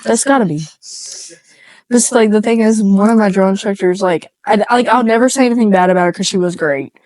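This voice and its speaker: Woman podcast co-host, chatty storyteller, laughs often, swears freely, dry close sound, mid-pitched voice. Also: a little fast, a little mellow, dry recording. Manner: rambling storyteller who laughs a lot and swears casually. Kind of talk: casual podcast chat.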